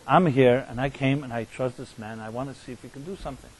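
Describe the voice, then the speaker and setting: A man's voice: mid-range voice, quick pace, a little mellow, slight background noise, lightly acted, low-quality recording. A man voicing a stubborn desperate mother. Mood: insistent.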